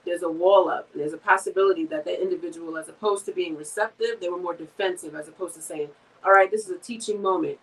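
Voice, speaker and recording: A woman co-host on a radio talk show lays out her points with care. Her voice is low and husky, and she sounds set back from the microphone. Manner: thoughtful, measured explaining. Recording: distant from the mic.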